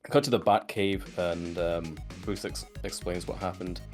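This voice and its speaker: With faint music behind him, a podcast co-host with a deep, steady voice speaks a little slowly as he recaps a cartoon episode. His telling is rambling and casual, packed with fillers and occasional swearing, and he laughs while retelling scenes.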